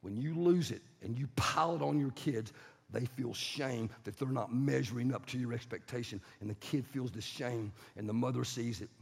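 A man preaching, telling a story dramatically and swinging from loud to hushed, in a raspy, gravelly voice. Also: medium pitch, moderate pace. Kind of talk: sermon storytelling. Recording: reverberant hall.

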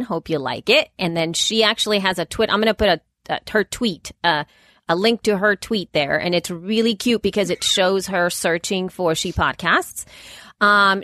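A woman's voice: on the low side, a bit bright, no echo, clean studio sound. A woman co-hosting a podcast in casual chat, reading out listener messages in a rambling, chatty way. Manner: chatty, rambling with restarts and laughs. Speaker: podcast co-host.

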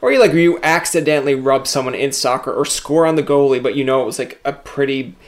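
A man's voice: mid-range voice, quick pace. Chatty man hosting an interview. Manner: animated storyteller, acts out quoted voices. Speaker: interview host. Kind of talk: casual interview chat.

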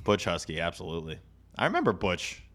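A man co-hosting a sports podcast in casual chat, his voice bright and edged, with a lively, swinging pitch. He sounds animated and jokey, now and then dropping into mock outrage. The sound is close and dry. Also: fast talker. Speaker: podcast co-host.

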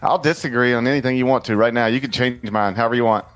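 A man's voice: medium pitch, fast, soft background music. A man co-hosting a sports podcast in a put-on Australian accent, bantering and telling stories playfully. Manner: animated storyteller, playful banter. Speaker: podcast co-host. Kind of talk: casual sports podcast chat.

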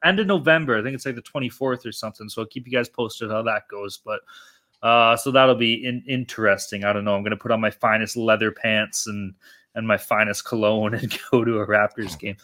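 Bright, profane young man hosting a podcast. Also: fairly low pitch, fairly even intonation, brisk. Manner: loose, profane, joking banter. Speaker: podcast host. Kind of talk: casual podcast chat.

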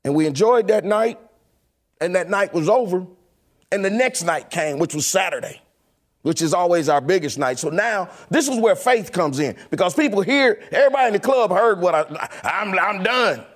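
Animated male storyteller, higher voice. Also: normal speed. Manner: animated, laughing, acts out quoted voices. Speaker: former club DJ telling his story. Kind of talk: casual storytelling.

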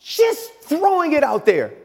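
A man's voice: very high voice, huge pitch swings, unhurried, creaky. Fiery man arguing on a sports show. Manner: fiery, rhetorical, builds to shouting. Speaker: former player analyst.

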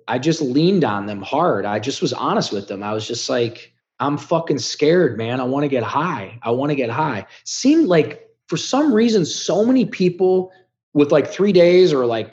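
Middle-aged male podcast guest, blunt, profane storyteller, dull muffled recording. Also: mid-range voice. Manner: blunt, profane and animated, swings loud and soft. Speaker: podcast guest, business founder. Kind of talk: candid storytelling.

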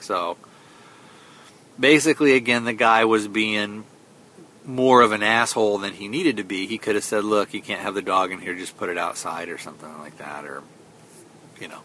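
A man's voice: on the low side, moderate pace, bright, forceful tone, a little hiss or hum. A man hosting a podcast, casually retelling a film's plot in a rambling way, with many fillers and quoted lines. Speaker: podcast host. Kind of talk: casual film review recap.

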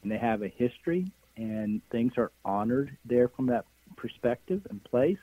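A man's voice: medium pitch, expressive, normal speed, husky, dry recording. A man guest on a phone-in interview, talking enthusiastically with many fillers and trailing phrases. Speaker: guest, energy healer. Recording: tinny phone line, dry.

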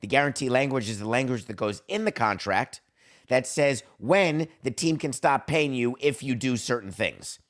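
A man's voice: medium pitch, normal speed, fairly bright tone. A man hosting a solo sports podcast, talking in a wry, theatrical way that swings between dry asides and mock-grand flourishes. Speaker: podcast host.

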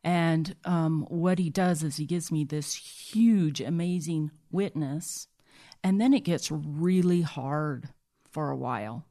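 Low-voiced woman telling her story haltingly. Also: warm tone. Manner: halting, many restarts and fillers. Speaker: interview guest. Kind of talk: personal storytelling.

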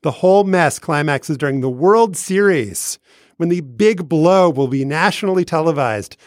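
A man's voice: fairly high pitch, expressive, moderate pace, no room sound, studio quality. A man co-hosting a podcast, setting up a story in a playful, theatrical way during a casual chat. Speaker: podcast co-host.

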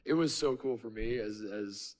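A man co-hosting a podcast, telling a story in casual chat, self-mocking and animated, quoting people in quieter asides. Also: fairly low pitch, normal speed. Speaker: podcast co-host.

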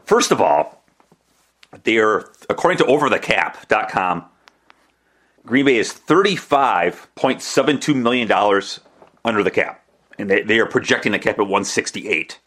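A man's voice: on the low side, lively intonation, normal speed, fairly bright tone. A man hosting a solo sports podcast, talking in a chatty, rambling way with restarts and self-deprecating asides. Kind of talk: casual solo podcast commentary.

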